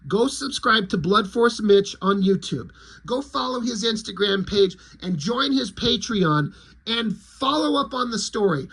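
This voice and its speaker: Man, high husky voice, excited profane comic reviewer, casual. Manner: excited, profane, laughing storyteller.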